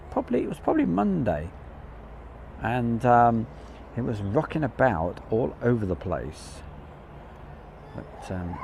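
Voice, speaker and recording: A man's voice: on the low side, darkish tone, a little hiss or hum. A man with an English Midlands accent hosting a live stream, chatting in a rambling, self-deprecating way. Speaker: livestream host. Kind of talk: casual live commentary.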